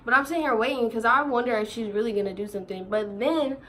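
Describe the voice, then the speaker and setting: A young woman in her teens telling a storytime vlog in casual chat, animated, slangy and quick to laugh while she quotes others. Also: on the high side. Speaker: vlogger.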